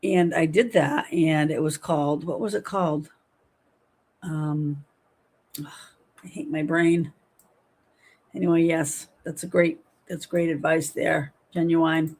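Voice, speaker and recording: A woman's voice: low-pitched, takes it slowly, pauses often, breathy edge. Chatty middle-aged woman hosting a livestream. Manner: chatty, animated, reads viewer comments aloud. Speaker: livestream host. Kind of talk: casual livestream chat reading comments.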